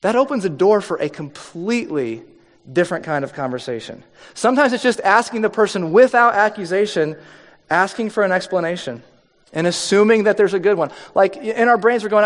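Male pastor, 30s, conversational preacher who slips into acted quotes; high voice, long hall reverb. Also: lively intonation, a little fast. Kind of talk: sermon.

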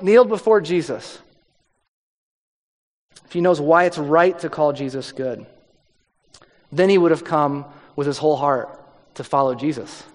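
A man preaching a sermon in a conversational way, dropping his voice low for emphasis. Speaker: pastor. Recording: long hall reverb.

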